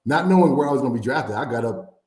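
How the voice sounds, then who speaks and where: A man from the American Midwest telling a story in an interview, animated and laughing often as he acts out quotes. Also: medium pitch, fast. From Fort Wayne, Indiana. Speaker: former NFL player, guest. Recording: echoey room.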